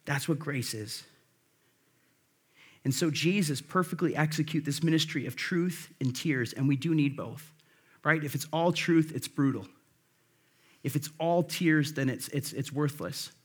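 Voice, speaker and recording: A man's voice: on the high side, a little slow, breathy edge. A man preaching a conversational sermon, emphatic and full of rhetorical questions to the congregation. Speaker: pastor.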